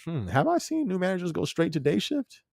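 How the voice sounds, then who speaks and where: A man's voice: high voice, huge pitch swings, a little fast, vocal fry, darkish tone, no echo, studio quality. A man hosting a casual live-stream podcast, talking in a loose, slangy way and chuckling often while he answers viewers' comments. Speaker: podcast host.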